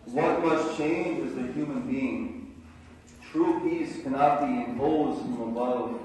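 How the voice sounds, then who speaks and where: Earnest male speaker at a symposium, measured oratory, recorded from far off in a roomy hall. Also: medium pitch, a little mellow. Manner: measured, earnest oratory with a slow deliberate rhythm. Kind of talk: formal prepared speech.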